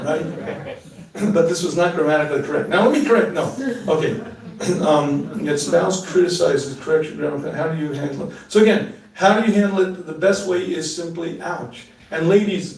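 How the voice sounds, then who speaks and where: A middle-aged rabbi answering audience questions in a live talk, animated and joking, often laughing at his own asides. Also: on the high side, creaky. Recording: echoey room, mic at a distance.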